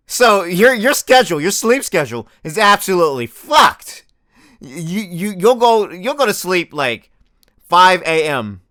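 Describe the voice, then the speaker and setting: A man's voice: a little high, sharp tone, no room sound, clean studio sound. A young man delivering a profane comedic rant as the host of a comedy video, swearing constantly and exaggerating for laughs.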